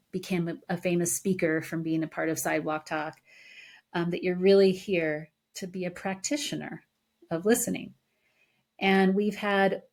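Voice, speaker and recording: A woman therapist as a podcast guest, earnest and animated, laughing easily as she tells stories. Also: lowish voice. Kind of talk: conversational interview.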